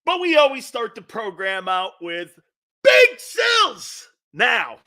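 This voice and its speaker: A man hosting a rowdy sports talk show, shouting and taunting as he mocks. His voice sits high and swings widely in pitch, with a gravelly edge. He drags out his words at a slow pace, and his tone is bright. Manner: shouting, taunting, laughing, wildly excitable. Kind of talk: loud mocking sports talk.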